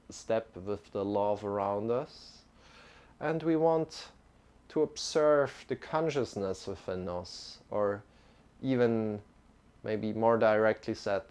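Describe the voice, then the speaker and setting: A man leading a live-streamed yoga lesson, calm and halting, with many restarts. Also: lowish voice, smooth. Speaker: yoga teacher.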